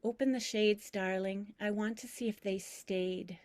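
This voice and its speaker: A woman voicing a confused elderly grandmother in a hospital bed, speaking in a hoarse, tender whisper. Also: a little high, expressive, takes it slowly, darkish tone, pitched above the performer's own voice. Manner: wandering, tender, breathy.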